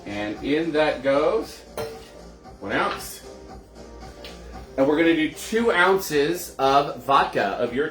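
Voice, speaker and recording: A man's voice: on the high side, a bit bright. A man hosting a casual home cocktail show, chatting straight to his viewers. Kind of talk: casual live cocktail demo. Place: indoors at home. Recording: roomy echoey room.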